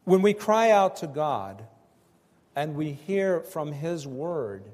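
A man preaching a sermon in slow, emphatic phrases that swell and drop with pauses between them. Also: on the high side, sing-song, a little mellow, long reverb tail. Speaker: pastor.

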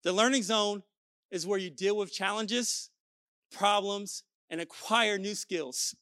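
High, bright-voiced energetic male preacher. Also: slow pace, dry recording, clean studio sound. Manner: energetic, shouted exhortations and rhetorical questions to the audience. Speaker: pastor. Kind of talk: sermon.

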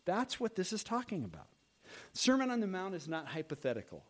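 A man pastor preaching a sermon in an animated, emphatic way. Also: high voice, brisk.

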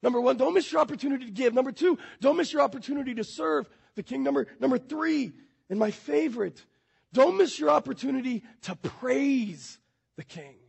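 High-pitched guy preaching, gravelly raspy voice, gets real emphatic. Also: expressive, a little fast. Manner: emphatic, rising to near shouts. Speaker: pastor. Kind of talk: sermon.

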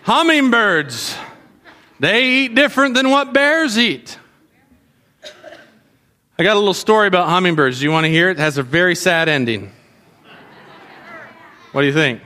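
A man preaching to children in an animated way, often asking them questions. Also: sits high, moderate pace, pauses often. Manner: animated, asks the kids questions. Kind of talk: sermon to children.

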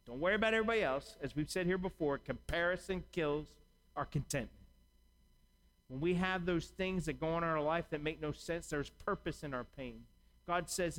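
A man's voice: fairly high pitch, poor audio. A man preaching a sermon in a conversational way, acting out imagined dialogue as he talks. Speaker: pastor.

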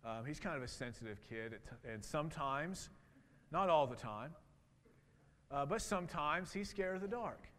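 A male pastor in his thirties preaches in a loose, conversational way, often stopping to restart. His voice sits fairly high for a man. A long reverb trails his words, as in a large hall. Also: animated, normal speed, a bit bright. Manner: conversational, with many fillers and restarts. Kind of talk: sermon.

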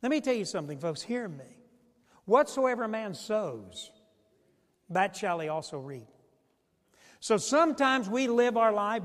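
A male pastor preaching a sermon in a church, swinging from hushed tones to shouting. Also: high-pitched, big-room sound. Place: church sanctuary.

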